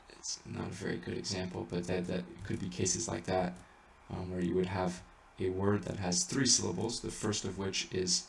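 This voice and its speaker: Gravelly low-voiced man explaining chant in an echoey room. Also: distant mic. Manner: halting explanations with many fillers and restarts, breaking into sung Latin chant. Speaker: chant teacher. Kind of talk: informal spoken lesson with sung examples. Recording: echoey room, voice a bit off-mic, faint background noise.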